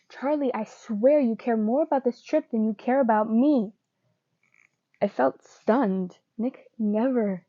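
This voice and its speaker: A woman reading fanfiction aloud in an earnest first-person voice, with pauses and small slips. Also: a little high, no room sound, dull audio. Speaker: fanfiction reader.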